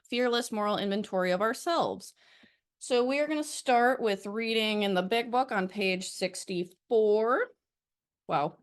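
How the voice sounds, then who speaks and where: Stuffy-nosed young woman reading aloud. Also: medium pitch. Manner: reads aloud haltingly with many fillers. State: stuffy nose and out of breath. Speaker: recovery study leader. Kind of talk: casual recorded study session.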